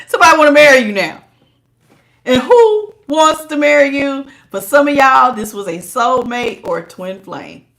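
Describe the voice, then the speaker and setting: Lively, laughing woman giving a tarot reading. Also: fairly high pitch. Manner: chatty, laughs often, calls listeners child and honey; lively, teasing, talks straight to viewers. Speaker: tarot reader. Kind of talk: live-streamed tarot reading.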